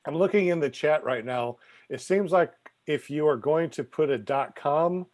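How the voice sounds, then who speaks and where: A man's voice: fairly high pitch, moderate pace, darkish tone. A man hosting a podcast who keeps an eye on the live chat while talking casually. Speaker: podcast host.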